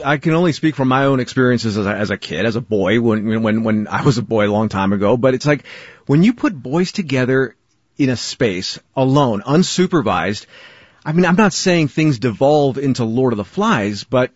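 A middle-aged man with a slightly husky voice asks earnest questions, sometimes groping for words. The sound is dry, with no room around it, and a little dull and lo-fi. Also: medium pitch, big pitch swings, moderate pace, no echo. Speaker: interviewer. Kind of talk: interview questions.

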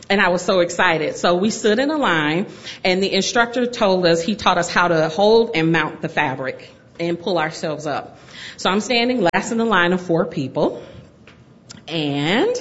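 Woman, middle-aged, personal storyteller, animated, laughs often, muffled lo-fi sound. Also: medium pitch. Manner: animated, laughs through her own story. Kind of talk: personal story told to an audience.

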